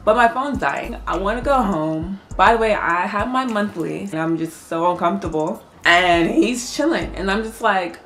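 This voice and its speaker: Animated young woman. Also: on the low side, fairly quick, slight background noise. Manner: animated, profane, laughs while telling. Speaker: vlogger. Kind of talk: casual storytime chat.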